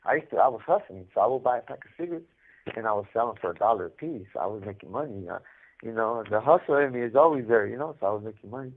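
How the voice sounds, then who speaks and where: A man's voice: medium pitch, animated, racing. Man on a tinny jail phone. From Mexico. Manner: streetwise slang, laughs often, acts out voices. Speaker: incarcerated caller. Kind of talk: storytelling over a phone call. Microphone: prison telephone.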